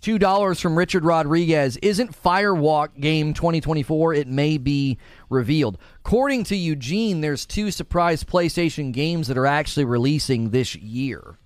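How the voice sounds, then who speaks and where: A man's voice: a little high, animated, moderate pace, clear, resonant tone, no echo. A man hosting a casual gaming livestream, reading chat aloud and laughing often as he talks. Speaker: livestream host.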